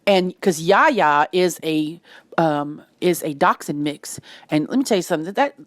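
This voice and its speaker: Cajun lady telling a crazy story, loud and animated, dry close mic. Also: sits low, moderate pace, no echo. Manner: animated, breaks into shrieks and laughter; Southern colloquial speech. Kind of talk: casual storytelling vlog.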